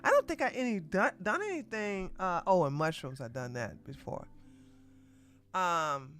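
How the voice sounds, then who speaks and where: A woman's voice: lowish voice, lively intonation, unhurried, fairly bright tone. A woman commenting casually on a live stream, rambling and correcting herself as she goes. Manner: rambling, self-correcting, chatty.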